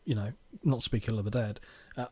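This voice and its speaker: A man's voice: lowish voice, fairly even intonation, quick pace, dark tone, husky. A man co-hosting a podcast, joking and bantering while he reads from his notes. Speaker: podcast co-host. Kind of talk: casual chat reviewing a wrestling event.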